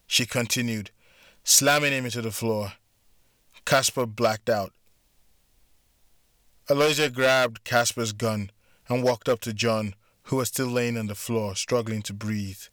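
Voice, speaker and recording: A man narrating a story in a deliberate, steady way. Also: mid-range voice, dry recording, studio quality. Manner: slow, deliberate. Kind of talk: scripted narration.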